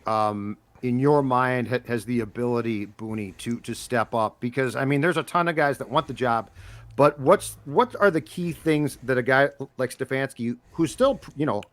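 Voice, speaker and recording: Podcast host guy asking rambling questions, dry sound, ordinary pitch. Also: no echo. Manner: asks long, searching questions with restarts. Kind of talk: casual podcast chat.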